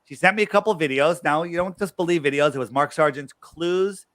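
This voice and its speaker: A man being interviewed as a guest, telling a story emphatically with quick asides and acting out what other people said. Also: a little high, fairly bright tone. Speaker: guest researcher.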